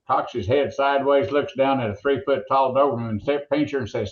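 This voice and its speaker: An older man, a veteran monster truck announcer interviewed as a guest, tells rambling, folksy stories with plenty of restarts at normal speed. His ordinary-pitched voice arrives through a roomy, echoey space, sounding dull and muffled as on a remote call.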